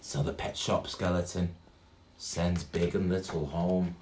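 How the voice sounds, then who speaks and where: A man reading a story aloud to children, animated and full of gasps and exclamations. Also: sits low, a little slow. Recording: echoey room with faint guitar.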